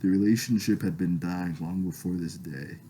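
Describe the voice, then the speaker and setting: A man's voice: low-pitched, normal speed, mellow, a little hiss or hum, rough recording. A man reading his own first-person novel aloud in a plain voice, often stumbling and correcting himself. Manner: plain reading with frequent restarts and self-corrections.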